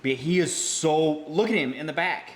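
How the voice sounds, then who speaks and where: An excitable man giving hands-on vlog commentary beside a big fish tank, exclaiming and repeating himself as he talks to his viewers. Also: on the high side, moderate pace, reverberant. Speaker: fish-keeping vlogger. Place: indoors by a large fish tank. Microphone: camera mic, handheld.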